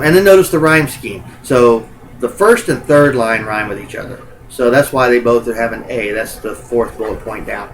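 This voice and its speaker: A man's voice: medium pitch, rough recording. Casual man teaching with many ums. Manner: informal, many filler sounds. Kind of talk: recorded lecture walkthrough.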